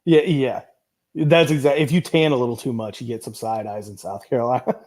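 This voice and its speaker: A man's voice: mid-range voice, fairly even intonation, a little fast, a little mellow. A man co-hosting a podcast in casual chat, talking in a laid-back, hesitant way with many fillers. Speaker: podcast co-host.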